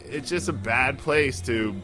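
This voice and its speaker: Bright-voiced man telling comedy-club stories. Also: medium pitch, a little slow. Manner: profane, loose storytelling with mimicked voices. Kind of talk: casual podcast chat.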